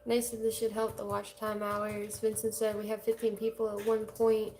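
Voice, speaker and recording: A woman's voice: mid-range voice, monotone, moderate pace, a little mellow. A woman in her twenties co-hosting a casual livestream, reading viewer comments aloud in a loose, chatty way. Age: 20s. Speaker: livestream co-host reading chat.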